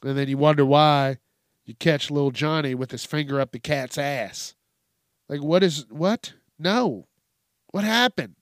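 A man hosts a casual solo podcast, rambling and swearing through jokey rants, slipping into mocking quoted voices and laughing at himself. His voice is a little high and unhurried, with studio-quality sound and no echo.

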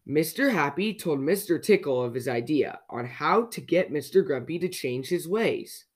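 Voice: medium pitch, lively intonation, normal speed. A storyteller reading a children's picture book aloud, playfully asking young listeners questions along the way.

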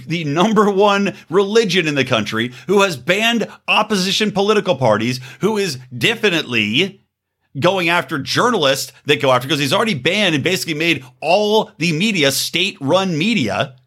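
Guy with a scratchy throat ranting on his podcast, swearing a lot, bright voice swinging all over. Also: high voice, expressive, moderate pace. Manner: angry, profane, sarcastic. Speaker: podcast host. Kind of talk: ranting political commentary.

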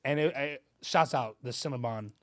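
A man's voice: medium pitch, normal speed, slight background noise. A man, a comedian guest on a podcast, telling stories in laid-back, slangy casual chat.

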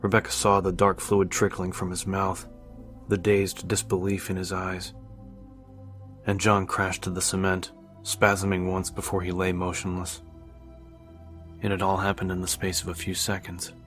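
A man narrating an audiobook in a steady, measured reading. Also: deep voice, faint music behind.

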